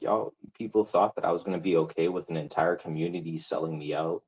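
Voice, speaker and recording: Profane, furious low-voiced man. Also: fairly even intonation, fast talker, few pauses, a little mellow, low-quality recording. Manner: heated, profane, repetitive. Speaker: livestreamer. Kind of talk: angry livestream rant.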